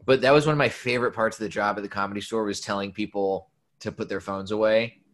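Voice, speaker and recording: A young man who worked at comedy clubs, telling stories in casual chat, animated and swearing freely. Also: on the low side, quick pace. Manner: animated storyteller, swears freely, quotes people in lively bursts. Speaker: former comedy club staffer.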